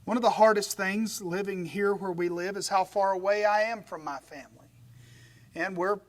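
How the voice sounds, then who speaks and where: A man's voice: sits high, fairly even intonation, moderate pace. A man preaching a conversational sermon, retelling a story with animation and folksy humorous asides. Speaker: pastor.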